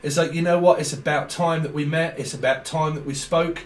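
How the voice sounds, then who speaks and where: A man's voice: fairly high pitch, steady tone, brisk, roomy sound. A man giving a casual tarot reading, playful and rambling, breaking into laughs often. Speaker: tarot reader.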